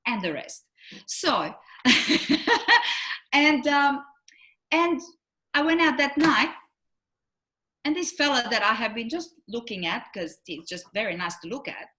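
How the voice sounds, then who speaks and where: Bright, animated woman telling stories. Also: on the high side, a little slow, pauses often. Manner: animated storyteller, acts out quotes. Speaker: relationship coach, co-host. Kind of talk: casual chat.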